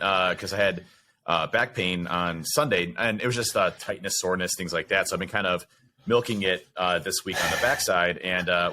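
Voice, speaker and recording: An upbeat man co-hosting a casual podcast, his voice sitting fairly low. He talks at a rapid clip with a bright, forceful tone, and he rambles through his sentences with plenty of fillers. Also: a little hiss or hum. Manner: upbeat, rambling, lots of fillers like "you know" and "uh". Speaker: podcast co-host. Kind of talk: casual chat.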